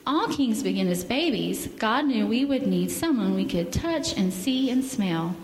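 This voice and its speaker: Lady reading a kids' story at church, gentle and lively, echoey hall. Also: medium pitch, measured pace. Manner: gentle, animated, asks children questions. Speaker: children's story leader. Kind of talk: reading a picture book to children. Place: church sanctuary. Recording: echoey hall with faint ambience.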